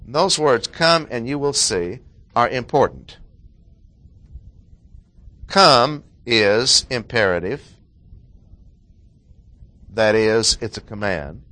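A man's voice: mid-range voice, animated, measured pace, a bit bright. A man preaching a sermon, explaining a Bible passage with emphatic repetition of key words.

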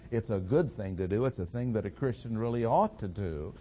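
A man teaching a sermon in a slow, deliberate, emphatic way with pauses. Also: fairly low pitch, lively intonation, warm tone, dull audio. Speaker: preacher.

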